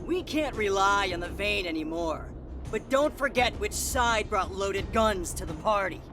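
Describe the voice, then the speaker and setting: An actor voicing a sneering, slow-talking scavenger. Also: mid-range voice, expressive, music in the background, lightly acted. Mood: defiant. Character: hungry, defiant scavenger gang leader. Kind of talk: video game voice acting.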